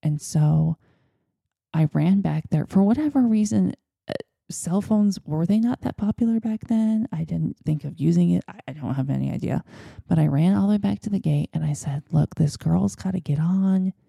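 A woman's voice: lowish voice, normal speed, gravelly, dark tone, slightly rough, no room sound, studio quality. A woman hosting a podcast, telling a personal story in a chatty, rambling way. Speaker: podcast host. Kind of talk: casual storytelling.

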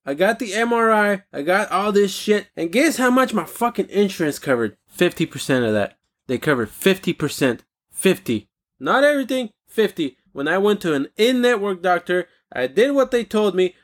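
A young American man delivering a profane solo rant on his show, swinging into loud, animated outbursts. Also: high voice. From United States. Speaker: podcast host.

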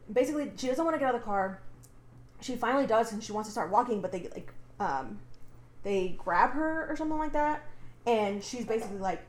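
A young woman co-hosts a podcast in an echoey room, recapping a book in a casual, chatty style. Her mid-range voice is animated and brisk, with a bit of hiss or hum in the recording, and she swears freely and uses "like" a lot.

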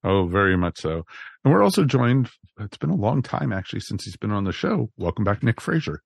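A man's voice: lowish voice, very animated, a little fast, vocal fry, husky, no echo. A man from New Jersey hosting a podcast in casual chat, upbeat and jokey with lots of fillers. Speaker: podcast host.

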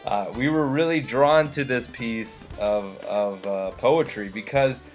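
A man introducing a magazine issue as one of its editors, talking in a halting way with many fillers and restarts. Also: mid-range voice, faint music behind. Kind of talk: casual spoken introduction.

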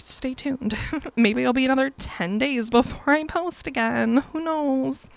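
A woman's voice: a little high, a bit bright, smooth, no room sound. A young woman in her twenties casually telling a personal story as host, chatty and profane, acting out quoted lines in livelier voices. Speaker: podcast or vlog host.

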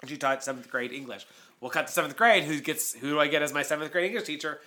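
A man's voice: on the high side, quick pace, sharp tone. A man co-hosting a podcast in casual chat, theatrical and chatty, swearing freely. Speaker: podcast co-host.

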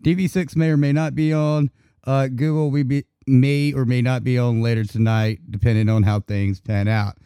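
A man's voice: mid-range voice, normal speed, smooth, dry recording, studio quality. A man hosting an online talk radio show, chatting casually and swearing freely. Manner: profane, relaxed banter.

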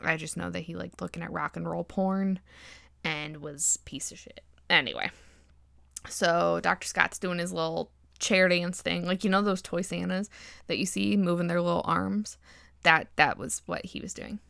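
Gravelly, giggly woman rambling a movie recap. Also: lowish voice, steady tone, normal speed, fairly bright tone, no echo, studio quality. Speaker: podcast host recapping a movie. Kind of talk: casual chatty recap.

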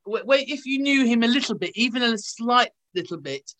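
Woman from England, bright voice, animated storyteller, video call. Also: fairly high pitch, a little fast. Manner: animated anecdote telling, acting out voices. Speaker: actress guest.

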